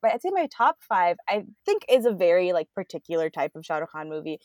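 A woman's voice: fairly low pitch, very animated, fast talker, a little mellow, no echo. A woman in her twenties, a podcast guest chatting casually, laughing often and filling her talk with "like". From United States. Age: 20s. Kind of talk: casual chat.

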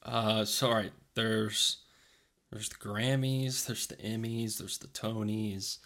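A man's voice: fairly low pitch, fairly even intonation, slow, fairly bright tone. A man co-hosting a podcast, chiming in with dry, teasing remarks in casual chat. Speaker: podcast co-host.

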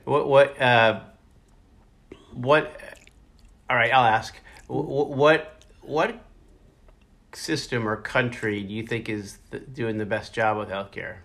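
A man with a gravelly, creaky voice works as an interviewer. He asks his questions hesitantly and stumbles over his opening words. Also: mid-range voice, steady tone, slow pace, long pauses, fairly bright tone.

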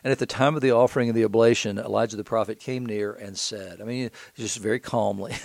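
A man's voice: on the low side, fairly even intonation, brisk, gravelly, darkish tone, dry recording. A man reading scripture aloud and breaking into casual commentary with rhetorical questions, as a preacher.

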